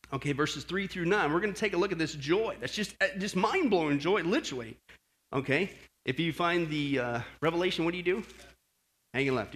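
High, bright, animated male preacher. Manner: animated, exclaims and asks the congregation questions; friendly asides with "okay?" and light joking. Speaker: pastor. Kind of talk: sermon.

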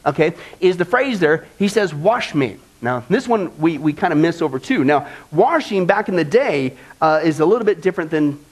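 A man preaching a sermon as pastor, conversational and animated, often checking in with "okay?". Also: on the high side, normal speed, few pauses, low-quality recording.

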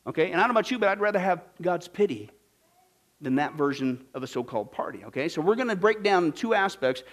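Animated, high-voiced preacher from Kansas. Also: male voice, quick pace. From Kansas, USA. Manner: animated, swinging from loud bursts to hushed asides; acts out quoted voices. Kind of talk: sermon.

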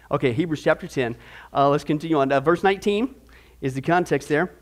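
A man with a fairly high voice speaks fast while teaching a church discipleship class on stewardship. He reads scripture and teases the group with jokes and asides, using mock voices for the proud.

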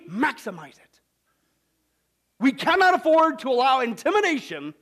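A man preaching a sermon with jokes, animated, swinging from loud to hushed. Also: extremely high pitch, measured pace, long pauses. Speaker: pastor.

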